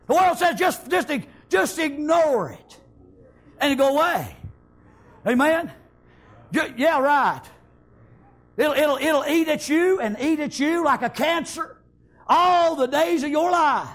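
Male preacher, very high voice with a lively swooping pitch, shouts and chants his sermon. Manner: shouting, sing-song preaching with frequent amens.

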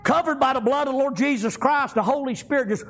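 A middle-aged man preaching a sermon, shouting in bursts, with folksy grammar and frequent amens. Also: very high-pitched, fast talker.

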